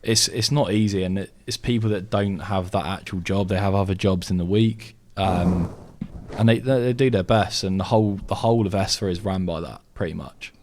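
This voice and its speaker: A man's voice: deep voice, a little fast, a little mellow, slight background noise. A drunk man co-hosting a podcast in casual chat, talking in a loose, rambling way. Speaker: podcast co-host.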